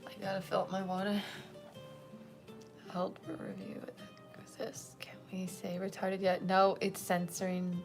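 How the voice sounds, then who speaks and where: A woman's voice: medium pitch, completely flat delivery, unhurried, vocal fry, over music. A woman chatting casually on a livestream as host, rambling, often dropping to a whisper and giggling.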